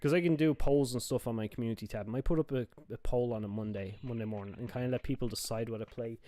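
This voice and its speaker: A man's voice: medium pitch, quick pace, warm tone. A man chatting casually on a live gaming stream, rambling and swearing as he goes and often correcting himself mid-sentence. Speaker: game streamer.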